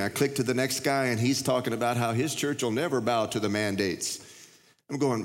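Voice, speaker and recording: A man's voice: medium pitch, a little fast. A man, preaching a sermon in a folksy, conversational way with frequent restarts. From United States. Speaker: pastor. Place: church sanctuary. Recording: long reverb of a large hall.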